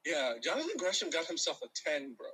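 A man's voice: on the high side, very animated, quick pace, sharp tone, slightly rough, low-quality recording. A young man in casual chat about sports, talking with frequent hesitations and restarts over a call. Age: young adult.

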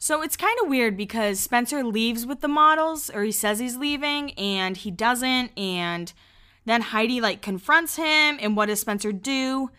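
A young woman talks through a reality show in a loose, gossipy way, acting out what people said and laughing often. Her voice is bright and smooth. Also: on the high side, animated, a little slow. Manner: chatty, laughs often, acts out quotes. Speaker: podcast host. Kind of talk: casual chat recapping a reality show.

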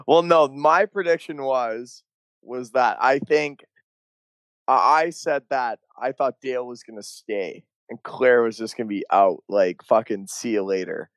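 A man's voice: medium pitch, unhurried, a bit bright, no echo. A young man co-hosting a podcast, chatting casually and laughing, with lots of slang and swearing. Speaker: podcast co-host. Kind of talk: casual chat.

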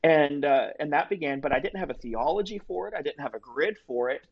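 A man's voice: a little high, brisk, dull audio. A man as a podcast guest, telling a personal faith story in an earnest, vivid conversational way. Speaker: guest telling his testimony.

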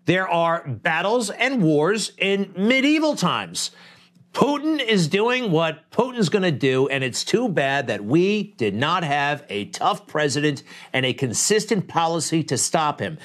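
Lively, blunt male talk host. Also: on the high side, measured pace. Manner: blunt, conversational, rhetorical asides. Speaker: political commentary host. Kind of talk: opinionated talk show monologue.

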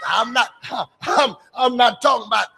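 Fervent male preacher, high gravelly voice, church hall reverb, shouts and half-sings. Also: normal speed. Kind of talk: call-and-response church sermon. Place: church sanctuary.

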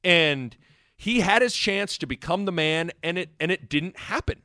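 A man's voice: sits high, normal speed, dry recording, clean studio sound. A man co-hosting a sports podcast, talking casually and rambling with many restarts. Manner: rambling, self-correcting, animated. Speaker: podcast co-host.

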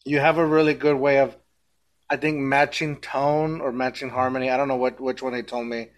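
A man's voice: medium pitch, flat delivery, a little fast. A man hosting a podcast in a laid-back way, laughing often and talking with hesitant fillers. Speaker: podcast host. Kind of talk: casual interview chat.

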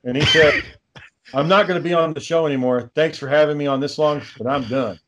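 A man's voice: a little high, brisk, fairly bright tone. A man co-hosting a podcast, talking in a rambling, profane, casual way and reading out text messages. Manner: profane, rambling, reads out texts. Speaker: podcast co-host.

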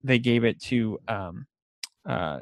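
Man, casual film chat, rambling and animated, dry close sound, mid-pitched voice. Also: slow, dry recording. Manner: rambling, animated retelling with laughs. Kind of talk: casual chat about films.

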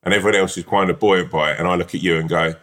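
A man's voice: low voice, fairly even intonation, very fast, a bit bright. A man co-hosting a podcast, playful and teasing, swearing freely in casual chat. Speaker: podcast co-host.

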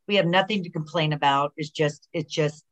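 A middle-aged woman, a retired wrestler, chatting as a guest in an interview and telling animated stories with lots of fillers and acted-out quotes. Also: sits low, brisk. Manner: animated storyteller who acts out quoted dialogue, many fillers and restarts. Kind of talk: casual interview chat.

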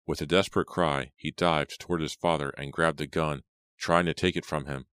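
A man with an extremely deep, smooth voice narrates an audiobook. He reads dramatically and slows down and gets louder for the characters' lines. The sound is dry and close. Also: steady tone, dry recording.

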